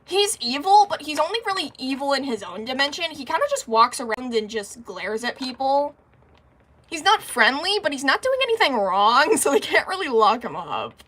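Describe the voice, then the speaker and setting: A woman's voice: high-pitched, sing-song, normal speed, fairly bright tone. A woman chatting casually on a livestream, rambling and giggling, talkative and a bit nervous.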